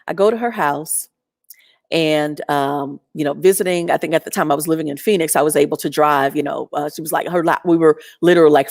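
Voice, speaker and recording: A woman tells a personal story in a lively, animated way, breaking up her sentences with fillers. Her voice sits on the low side, and the sound is dry and close with no room echo. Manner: animated, laughing, lots of fillers.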